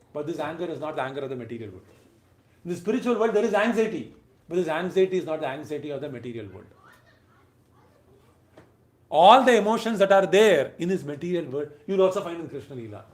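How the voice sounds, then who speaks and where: Man, devotional lecture, emphatic delivery, slightly high voice, roomy echo. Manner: emphatic, rising and falling between loud and soft phrases; briefly chants verses.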